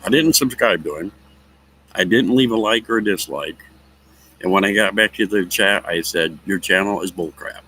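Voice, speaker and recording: Low-voiced guy streaming from a picnic table outside, rambly and chuckly, punchy bright tone, a little background hum. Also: moderate pace, husky, low-quality recording. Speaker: livestreamer chatting with viewers. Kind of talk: casual storytelling chat. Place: outdoors at a picnic table in a yard. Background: faint outdoor ambience, dogs nearby.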